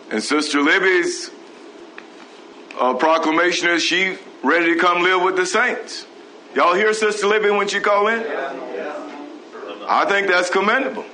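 A man's voice: high-pitched, pushed and bright, slight background noise, rough recording. A man preaching a sermon, asking the congregation rhetorical questions. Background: congregation responding.

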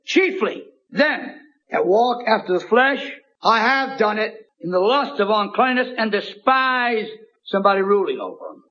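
A man preaching a fiery sermon in a church, reading scripture and repeating his refrains, rising to shouts. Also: high voice, dull audio.

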